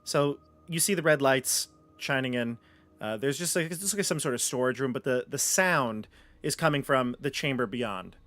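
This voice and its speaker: A man narrating a tabletop game as game master. His voice sits at an ordinary middle pitch, and he reads scene descriptions in a relaxed way, halting now and then. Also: no echo.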